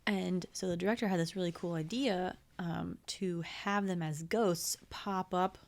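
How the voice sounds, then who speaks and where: A young woman chats as a podcast guest in a somewhat low voice. She tells her story in a relaxed, unhurried way, with many fillers. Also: vocal fry. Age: young adult. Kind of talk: casual chat.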